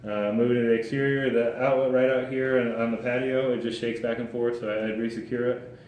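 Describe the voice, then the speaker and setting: A man's voice: mid-range voice, little pitch movement, a little fast, darkish tone, a little hiss or hum. A man working as a home inspector, explaining his findings to a client in a plain, practical way with frequent restarts. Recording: echoey room.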